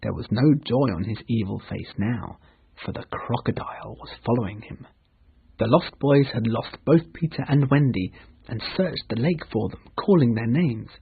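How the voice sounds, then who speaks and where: Male narrator, husky, mid pitch, slow clear reading, tinny phone-like audio. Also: expressive. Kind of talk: storybook reading for English learners.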